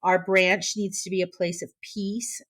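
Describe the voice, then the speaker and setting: A woman's voice: on the low side, little pitch movement, measured pace, a bit bright. A woman co-hosting a casual news podcast, talking in a chatty way with restarts and fillers. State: tearful. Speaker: podcast co-host.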